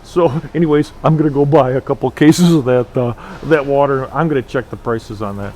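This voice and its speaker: A man's voice: medium pitch, brisk, darkish tone. Exasperated man griping about store prices. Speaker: shopping vlogger. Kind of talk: casual shopping vlog commentary. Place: big warehouse store.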